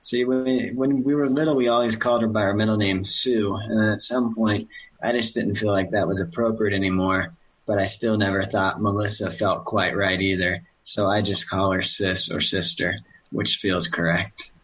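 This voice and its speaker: A man's voice: on the low side, steady tone, normal speed, a bit bright, husky, rough recording. A man hosting a podcast, chatting casually in a joking, rambling way. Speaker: podcast host.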